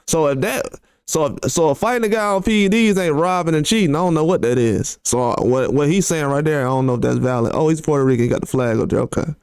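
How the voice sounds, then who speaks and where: Male boxing commentary host, blunt and slangy, pitch leaping in disbelief; smooth tone, dry close recording. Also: fast talker, darkish tone, no echo. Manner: blunt and conversational, with slang and rhetorical questions. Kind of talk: casual reaction commentary, reading tweets aloud.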